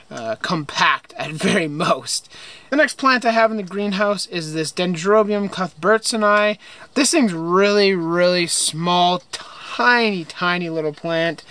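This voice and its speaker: A man's voice: high-pitched, a bit bright. A young man casually touring his home greenhouse, chatting with enthusiasm and frequent fillers. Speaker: greenhouse vlogger. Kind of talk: casual plant tour.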